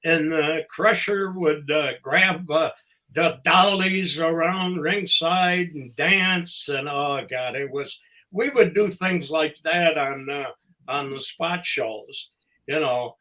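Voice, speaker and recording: An older man, a former wrestling promoter and ring announcer, telling stories casually as a podcast guest, halting and fond, with pauses between phrases. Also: on the high side, bright, forceful tone, poor audio. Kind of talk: casual anecdotal storytelling.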